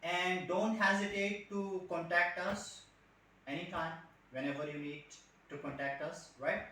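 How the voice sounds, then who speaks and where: Bright Indian-accented male trainer, echoey. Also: high voice, steady tone, a little slow. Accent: Indian English. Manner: explains patiently, often asking "right?" and demonstrating sounds. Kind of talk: spoken English lesson. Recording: very echoey room, voice from a distance.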